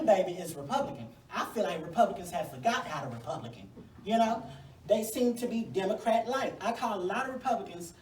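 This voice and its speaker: A woman's voice: mid-range voice, a little mellow, distant mic, slight background noise. Fired-up woman speaking in an echoey room. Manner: sassy, fired-up, folksy. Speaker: congressional primary candidate. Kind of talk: campaign stump speech. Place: venue hall at a forum. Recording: echoey room, mic from afar.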